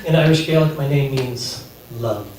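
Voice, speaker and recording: A man's voice: mid-range voice, heavy background noise. A man in his fifties doing a stand-up set, nervous and self-deprecating. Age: 50s. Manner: slow, self-deprecating delivery. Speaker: stand-up comic. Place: comedy theater stage. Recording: echoey theater, mic at distance.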